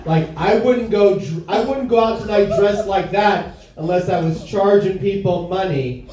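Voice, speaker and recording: A man's voice: high-pitched, normal speed, warm tone, heavy reverb. A young adult man doing a brash, profane stand-up set in a bar, recorded live from a distance. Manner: brash, profane, self-mocking. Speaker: stand-up comedian. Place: bar comedy stage with live audience.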